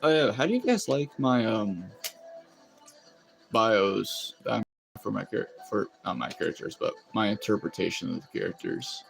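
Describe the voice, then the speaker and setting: A man's voice: fairly low pitch, very animated, normal speed, vocal fry, faint music behind. A man chatting casually on a live stream, rambling and laughing often as he reacts to chat. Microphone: phone.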